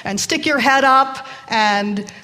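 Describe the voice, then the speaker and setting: A woman's voice: high voice, takes it slowly, pushed and bright, exaggerated voice. A woman voicing a wise, encouraging farm pig in a children's story, in a chatty, coaxing manner, with a long hall echo. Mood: urging.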